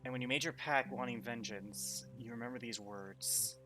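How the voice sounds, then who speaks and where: A man running a tabletop game as game master, slowing down for dramatic narration. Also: mid-range voice, fairly even intonation, over music. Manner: slows right down for dramatic narration.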